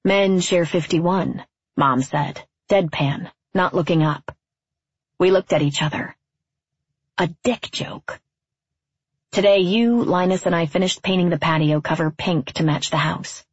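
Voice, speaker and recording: A woman reading a literary story aloud as narrator, in a quiet, measured, wistful way, on a dull, dry recording. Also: on the low side, husky, no room sound.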